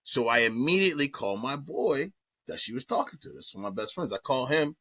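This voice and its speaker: Animated, profane comedian telling a story. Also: male voice, medium pitch, fairly quick. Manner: animated, profane, repeats himself. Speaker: comedian guest. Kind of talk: storytelling on a podcast.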